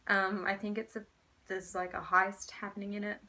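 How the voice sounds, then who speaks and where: A young woman vlogging casually about her books, chatty and rambling, gushing with excitement, recorded on a phone camera. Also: mid-range voice, normal speed. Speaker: book vlogger. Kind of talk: casual book haul chat.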